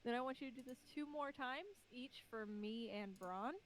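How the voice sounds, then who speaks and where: A woman's voice: fairly high pitch, normal speed, a little hiss or hum, poor audio. A woman guest on a podcast, patiently walking the host through stream setup in casual chat. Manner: patient, step-by-step instructing. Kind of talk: casual chat giving tech instructions.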